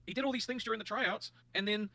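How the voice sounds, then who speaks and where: A man's voice: high-pitched, fast, gravelly, sharp tone, no echo. A man explaining himself in a somewhat defensive way.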